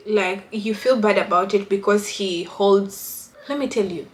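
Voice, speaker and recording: A woman's voice: medium pitch, measured pace, few pauses. A middle-aged woman vlogging relationship advice in casual chat, reading viewers' comments with a teasing, chatty manner. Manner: chatty, teasing, bursts into laughter.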